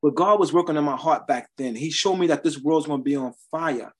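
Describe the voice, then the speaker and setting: A man's voice: on the high side, brisk, breathy edge. A man preaching a sermon, sharing his testimony in a conversational style with emphatic rises.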